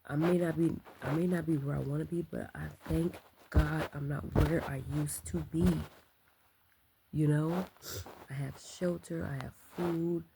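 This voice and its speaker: A woman talking in a casual late-night vlog, keeping her voice low and soft, reflective and full of ums and likes. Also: fairly even intonation, measured pace, gravelly, noisy background. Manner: speaking softly and low to keep quiet. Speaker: vlogger.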